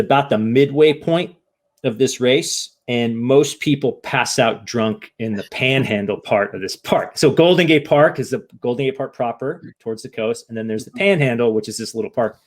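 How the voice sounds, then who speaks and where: A man guest on a podcast, telling a story in casual chat, lively, often acting out quoted voices and asking "right?". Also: mid-range voice, normal speed. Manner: animated, acts out quoted voices, frequent "right?".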